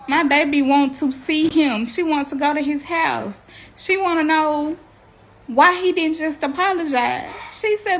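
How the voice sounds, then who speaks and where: A young mother with a high voice speaks unhurriedly, straight to her viewers, telling her family's story as casual direct-to-camera testimony. She's earnest, blunt and colloquial, and the poor audio carries a little hiss or hum.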